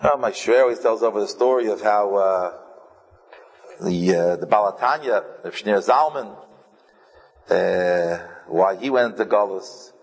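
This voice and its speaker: A man giving a rambling, halting, humorous sermon with stories, as a rabbi. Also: on the low side, husky. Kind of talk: sermon with storytelling. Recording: long hall reverb.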